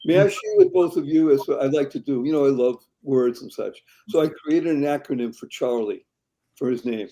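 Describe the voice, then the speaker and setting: A man's voice: mid-range voice, sing-song, moderate pace, dark tone, rough recording. A man hosting a webinar panel on a video call, often chuckling as he talks. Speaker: webinar host.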